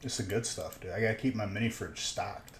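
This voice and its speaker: A man's voice: fairly low pitch, fairly quick. A young man hosting a livestream, chatting casually with viewers in a laid-back way, talking through a headset. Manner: laid-back, says "dude" and "bro" often. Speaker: livestream host of card box breaks. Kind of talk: casual chat with stream chat. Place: room in a collectibles shop. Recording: echoey room with faint noise.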